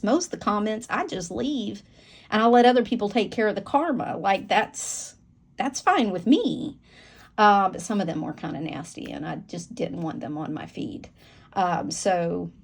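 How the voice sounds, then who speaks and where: A woman's voice: mid-range voice, a little mellow. A woman with a Southern American accent, chatting casually to camera about her planner in a folksy, candid way with lots of fillers. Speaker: planner vlogger.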